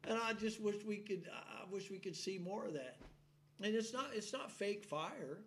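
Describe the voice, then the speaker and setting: A male preacher giving a sermon in a folksy, animated storytelling way, often laughing as he acts out a shouting congregation. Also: high-pitched, moderate pace, a little hiss or hum.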